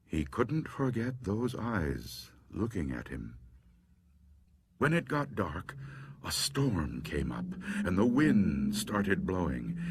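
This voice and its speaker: Slow hushed male storyteller. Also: low-pitched, very animated, a little hiss or hum. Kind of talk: spooky story reading. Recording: loud music underneath.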